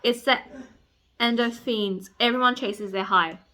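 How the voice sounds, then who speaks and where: A woman's voice: a little high, steady tone, unhurried, pushed and bright. A woman reading out a brooding, tattooed young man's lines in her own voice, blunt and cocky, with some swearing. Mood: intense. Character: brooding tattooed bad boy, young man.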